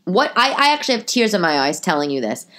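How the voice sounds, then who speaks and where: Chatty, rambling comedian mom with a stuffy nose. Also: female voice, fast talker. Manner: chatty, rambling with tangents and self-corrections; animated, pitch jumping up for emphasis. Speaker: podcast host and stand-up comedian. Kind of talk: casual monologue to listeners. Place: living room at home.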